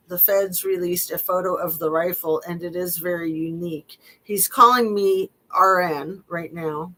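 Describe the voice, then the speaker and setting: A woman's voice: fairly low pitch, measured pace, hardly any pauses, fairly bright tone, rough recording. A middle-aged woman reading text messages aloud and commenting on them casually, with wry, skeptical asides and frequent fillers. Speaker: true-crime commentator.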